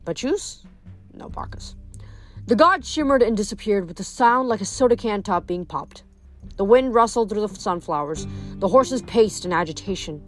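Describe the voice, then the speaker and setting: A woman's voice: mid-range voice, lively intonation, normal speed, faint music behind. A young woman reading a novel aloud, then chatting casually about it with fillers. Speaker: reader.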